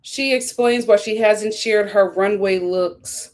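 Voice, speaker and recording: A woman talking casually on a live stream from home, her voice sitting at a middling pitch. She reads viewer comments and answers them with strong opinions and easy laughter. Now and then she leaps up into a high squeal of disbelief. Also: slow. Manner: animated, jumps to high squeals of surprise; laughs often, opinionated and chatty. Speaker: live stream host reviewing a reality show. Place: home in a hot city.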